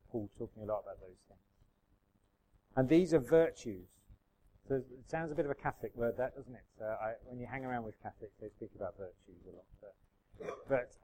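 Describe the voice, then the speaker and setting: A man giving a conversational sermon as the pastor, slowing down to read scripture aloud. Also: mid-range voice, darkish tone, low-quality recording. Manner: conversational preaching with fillers, slows and lifts his voice when reading scripture.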